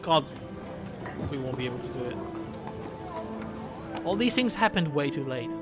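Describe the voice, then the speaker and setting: A man's voice: on the high side, very animated, moderate pace, music in the background. A man streaming a game live, who reads the dialogue aloud and adds blunt, profane asides. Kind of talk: live gameplay commentary.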